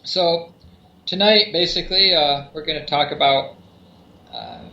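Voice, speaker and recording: A man's voice: a little high, measured pace, sharp tone. A man co-hosting a podcast, explaining at length in a rambling way with many restarts. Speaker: podcast co-host. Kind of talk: casual explanatory podcast talk. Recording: echoey, dull lo-fi remote audio.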